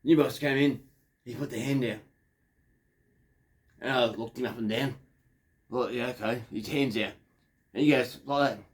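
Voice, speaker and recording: A man's voice: medium pitch, fairly even intonation, measured pace, pauses often. A man in his fifties with an Australian accent, telling a crude, digressive story in a rambling monologue. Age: 50s. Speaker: factory worker.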